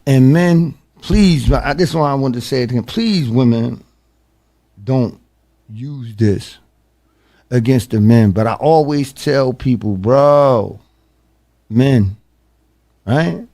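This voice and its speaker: A man's voice: medium pitch, slow pace, pauses often, warm tone. A man hosting a talk show, telling stories in a casual, emphatic way and calling his listeners "bro" often. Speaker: podcast host. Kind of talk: casual storytelling.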